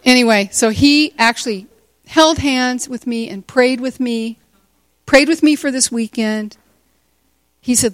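A woman in her sixties telling a personal story to a church gathering, animated and often laughing. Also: fairly high pitch, unhurried, no room sound. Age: 60s. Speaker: teacher speaking at a church retreat.

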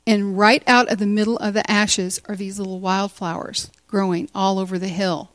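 A woman in her sixties telling a personal story to a church gathering, animated and often laughing. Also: medium pitch, normal speed, no room sound. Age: 60s. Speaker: teacher speaking at a church retreat.

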